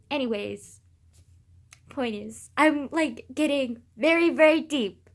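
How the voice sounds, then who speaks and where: A teenage girl talking casually to camera, gushing and excitable, full of sighs, fillers and swearing. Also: high voice, takes it slowly. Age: teens. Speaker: vlogger. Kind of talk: casual rambling vlog.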